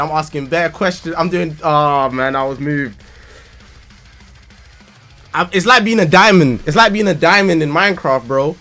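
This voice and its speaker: A young man with a London accent, telling stories casually on a live stream in a slangy, animated way. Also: on the high side, moderate pace, soft background music. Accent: London English. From England. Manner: animated, slangy, breaks into loud laughter.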